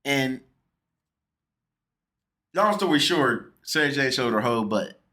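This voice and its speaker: A man's voice: mid-range voice, slow. A man hosting a casual film review chat with his sister, telling stories and acting out what people said. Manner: animated storyteller who acts out quoted people.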